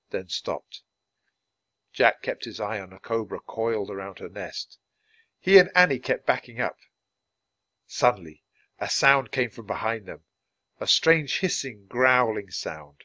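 A man reading a children's book aloud, at a steady, clearly paced speed for language learners. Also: on the low side, dry recording. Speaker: storybook reader.

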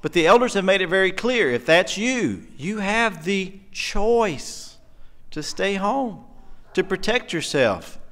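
A man's voice: sits high, very animated, slow pace, fairly bright tone. A middle-aged man preaching a sermon in a church, earnest and emotional, pressing his points with emphasis. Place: church sanctuary.

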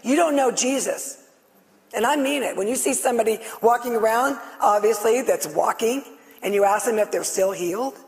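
A middle-aged woman on stage, giving a loud, passionate, excitable testimony to a live audience. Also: a little high, normal speed. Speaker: guest speaker sharing her healing testimony. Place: on stage before a live audience in a large hall. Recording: long reverb of a large hall.

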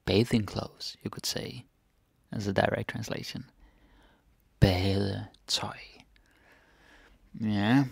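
A man with a Danish accent runs an easygoing vocabulary lesson, repeating each word slowly and checking in with a little "eh?". His voice sits a bit low with a gravelly edge. It is recorded close up in a dry, deadened room. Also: no echo. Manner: relaxed, repeats words slowly, tags sentences with "eh?". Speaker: Danish language teacher.

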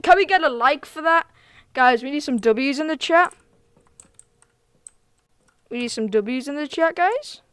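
A woman streaming a game live, talking casually to viewers, excitable and giggly, full of slang. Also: high-pitched, measured pace, long pauses, dry recording. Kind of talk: casual live gameplay commentary.

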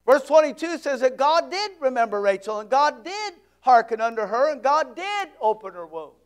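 A man preaching a sermon as pastor, conversational and joking, swinging between loud and hushed. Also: very high-pitched, very animated, moderate pace, smooth.

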